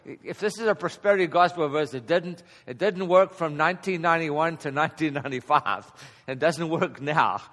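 A man in his fifties teaching a Bible passage in a relaxed, conversational way, chuckling often and getting animated at key points. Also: on the high side, normal speed. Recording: long hall reverb.

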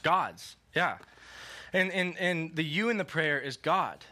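A young man giving a sermon in a relaxed, conversational way, telling a story and checking in with listeners. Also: fairly high pitch, slow. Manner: casual, conversational, lots of "like" and "okay". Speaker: preacher.

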